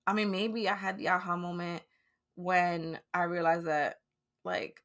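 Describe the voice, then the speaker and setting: A woman's voice: fairly low pitch, steady tone, a little slow, fairly bright tone. A woman speaking candidly and emotionally as a podcast guest, swearing freely in casual conversation.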